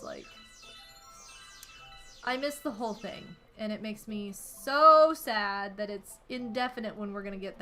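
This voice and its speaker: A young woman streaming a video game from home, chatting casually and telling stories to her viewers in an animated, rambling way. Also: medium pitch. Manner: chatty, animated storytelling with lots of "like" and laughs. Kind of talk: casual gaming stream chat. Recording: game music faintly behind.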